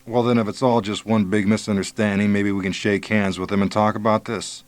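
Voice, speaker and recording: A man's voice: lowish voice, level tone, fairly quick, no room sound, lightly acted. A man playing a skeptical FBI agent with a dry, sardonic manner. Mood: wry.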